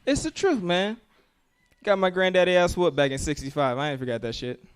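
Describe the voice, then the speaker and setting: Rich: A man doing a stand-up set in a fairly high, smooth voice. He delivers coarse, profane jokes in an easy, laid-back way. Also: fairly quick. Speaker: stand-up comedian.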